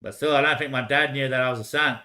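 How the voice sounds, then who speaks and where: Young man, bright tense voice, loose rambling monologue full of repeats and swearing. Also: mid-range voice, fairly even intonation, quick pace. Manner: repeats short phrases over and over, swears, laughs often; trails off into quiet mutters.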